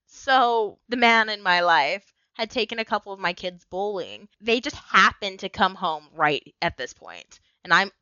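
A woman's voice: mid-range voice, lively intonation, unhurried, hardly any pauses, pushed and bright, dry recording, lo-fi sound. A woman in her thirties co-hosting a casual film review podcast, retelling scenes emphatically and laughing often. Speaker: podcast co-host.

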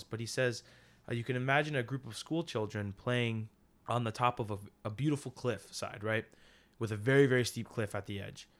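A young man co-hosting a casual faith podcast, explaining at length in an earnest, rambling way with many fillers. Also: medium pitch. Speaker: podcast co-host and teacher.

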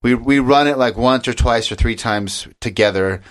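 A young man co-hosting a podcast in casual chat, telling an animated story, acting out the quotes and laughing often. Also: medium pitch, moderate pace. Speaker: podcast co-host.

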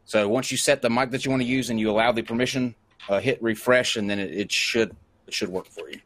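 A man's voice: medium pitch, fairly even intonation, fast, a bit bright. A man hosting a live online show, giving step-by-step instructions and joking along the way. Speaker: host.

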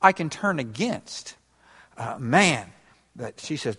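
Preaching conversationally to a congregation he laughs along with, this pastor has a fairly high voice that swings widely in pitch. His delivery is a little slow, pushed and bright with a breathy edge, echoing through a reverberant church hall.

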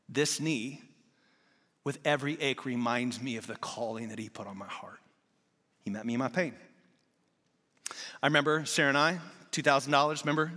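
Brief: forties male preacher, bright forceful tone, dramatic story-driven delivery in a big reverberant church. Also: medium pitch. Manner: passionate storytelling, swings from loud to hushed. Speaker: guest preacher. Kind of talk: sermon.

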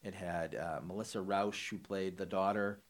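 A man co-hosting a casual movie chat, talking in halting bursts with many restarts and a wry edge. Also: sits low, fairly even intonation. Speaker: podcast co-host.

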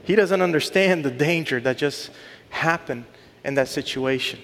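A man's voice: on the high side, moderate pace, fairly bright tone. A man in his thirties or forties preaching a sermon, earnest and building to emphatic lists. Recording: long hall reverb.

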